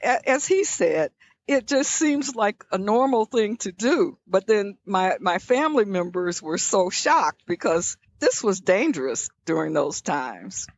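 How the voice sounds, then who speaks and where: A woman's voice: medium pitch, very animated, measured pace, no room sound, muffled recording. An older woman from Birmingham, Alabama, recalling her past as a guest in an interview, in a reflective storytelling manner. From Birmingham, Alabama, USA.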